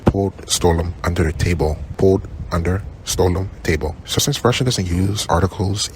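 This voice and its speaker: Deep gravelly man presenting slides. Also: noisy background. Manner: halting, filler-heavy, unsure with foreign words. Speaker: student presenter. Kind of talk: class project slide presentation.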